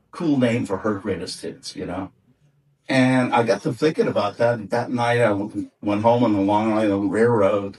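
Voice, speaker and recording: A man's voice: on the low side, a little mellow, breathy edge, far from the mic, rough recording. A man, a former record company executive, telling anecdotes in an interview, rambling with many fillers and restarts.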